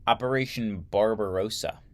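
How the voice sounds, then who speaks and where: A man teaching history, reading a textbook aloud slowly and adding wry asides. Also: fairly low pitch.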